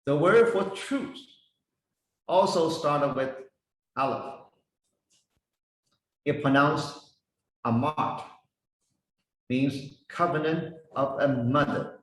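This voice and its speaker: A man teaching a Bible lesson, slowly spelling out Hebrew words and their meanings one by one. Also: fairly high pitch. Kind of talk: slow explanatory lesson. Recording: echoey room, voice heard from a distance.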